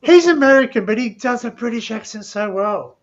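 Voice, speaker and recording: A man with a notably high voice chats on a live stream, rambling from one story to the next. His talk is loose and full of laughter. The audio sounds dull and lo-fi. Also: expressive, moderate pace. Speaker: stream host. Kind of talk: casual chat.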